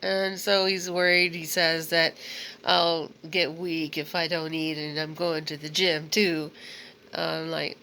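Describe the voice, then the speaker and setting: Middle-aged lady vlogging her dating story, talks real slow, rambly and candid with lots of ums. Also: sits low, flat delivery, slight background noise, low-quality recording. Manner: rambling, warm and candid, with fillers and laughs. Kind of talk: casual storytelling monologue.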